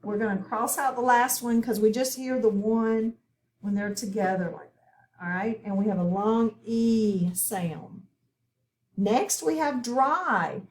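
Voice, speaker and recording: A woman teaching a phonics lesson, talking slowly and clearly as she spells out sounds. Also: fairly high pitch. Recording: echoey room.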